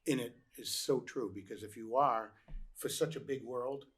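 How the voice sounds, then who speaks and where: Laid-back host guy, mid-pitch, wry and joking. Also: normal speed, husky. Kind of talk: casual interview chat.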